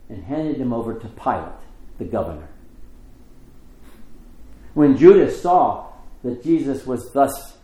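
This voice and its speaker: A man giving a measured, expressive liturgical scripture reading in a church. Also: medium pitch, roomy sound, rough recording. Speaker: scripture reader.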